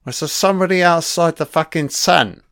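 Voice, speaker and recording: A British man giving a casual commentary on a film. He reacts out loud and swears often as he rambles. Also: a little high, moderate pace, dry recording, clean studio sound. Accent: British English.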